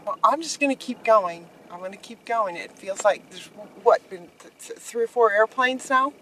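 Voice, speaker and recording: A woman giving a spoken tarot reading to her viewers, gentle and encouraging, often repeating key phrases. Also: on the high side, lively intonation, normal speed, a little hiss or hum, rough recording. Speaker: tarot reader.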